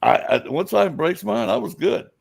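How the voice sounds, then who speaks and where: A man's voice: sits high, moderate pace, creaky, breathy edge. A man from Alabama, a psychic guest, telling stories in casual chat and acting out the voices he quotes. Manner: animated storyteller, acts out quoted voices.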